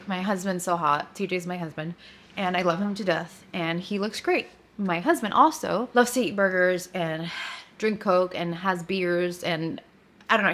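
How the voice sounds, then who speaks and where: Candid woman telling a personal story. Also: on the low side. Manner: candid, confessional, animated retelling. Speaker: podcast host.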